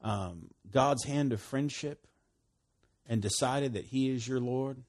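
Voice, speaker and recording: A man preaching a conversational sermon, swinging between loud emphasis and hushed, quiet lines, with frequent laughs. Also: mid-range voice, takes it slowly.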